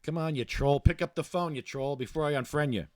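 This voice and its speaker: A man's voice: fairly high pitch, a little fast, a little mellow, no echo. A man hosting a casual podcast, ranting bluntly and rambling with many restarts. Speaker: podcast host. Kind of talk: casual ranting talk show monologue.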